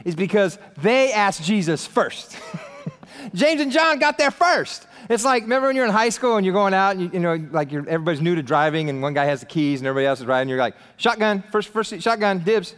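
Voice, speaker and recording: A man preaching a casual, animated sermon, acting out voices of the people in the story with slang and jokes. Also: high-pitched, fast talker, big-room sound. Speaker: pastor.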